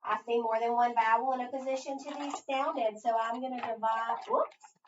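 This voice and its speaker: Patient teacher spelling aloud in echoey room. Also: female voice, a little high, steady tone, moderate pace, slight background noise. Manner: patient, step-by-step, sounding out letters one by one. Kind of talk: phonics spelling lesson. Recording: echoey room, far from mic, dull lo-fi.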